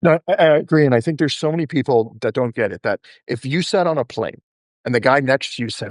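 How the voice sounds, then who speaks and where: A man's voice: mid-range voice, expressive, no room sound, clean studio sound. A man hosting a podcast, blunt and joking as he talks through ideas with his guest. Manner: blunt, joking, fast-talking. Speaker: podcast host. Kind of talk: conversational interview.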